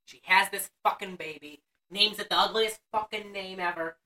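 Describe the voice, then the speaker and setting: A woman's voice: medium pitch, moderate pace, few pauses, sharp tone, distant mic. A woman co-hosting a podcast, recapping a movie in casual chat with a profane, sarcastic storytelling manner. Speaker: podcast co-host.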